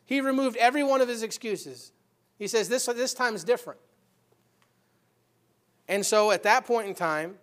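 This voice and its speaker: Male pastor, high voice, sermon delivery, rises to shouted urgency. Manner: builds from quiet to loud exhortation.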